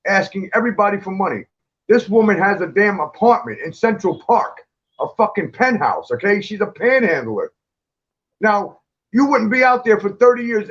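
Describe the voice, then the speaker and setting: A man with a high voice tells blunt, profane stories in a casual chat. The recording sounds dull and lo-fi, as if the top end was cut off. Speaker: guest, clothing designer.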